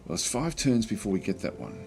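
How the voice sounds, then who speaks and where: A man giving relaxed let's play commentary on a strategy game, thinking aloud with many fillers and restarts. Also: fairly low pitch, quick pace, creaky, soft background music.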